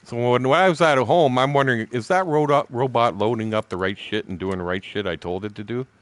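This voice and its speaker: A man's voice: medium pitch, a little fast, no echo. Blunt, foul-mouthed man in his sixties. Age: 60s. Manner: blunt, heavily profane; laughs between remarks. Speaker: game streamer. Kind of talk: casual rambling storytelling.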